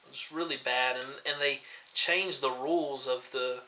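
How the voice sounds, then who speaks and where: A man from Tennessee hosting a casual review vlog, rambling with many pauses and restarts. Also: medium pitch, fairly even intonation, sharp tone. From Tennessee, USA. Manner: rambling, lots of ums and restarts. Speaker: host. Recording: dull lo-fi recording.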